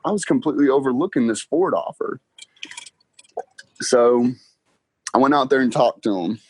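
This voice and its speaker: Animated young man. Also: medium pitch, normal speed, breathy edge. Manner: animated storyteller, acts out dialogue, laughs often. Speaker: podcast guest, car salesman. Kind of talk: casual interview chat.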